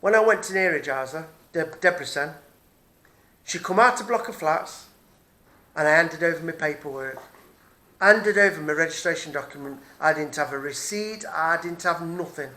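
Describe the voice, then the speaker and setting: Swearing and going over the same points again, a middle-aged man from Britain vents in an angry personal vlog. He speaks at a moderate pace, his voice a little high with a sharp tone.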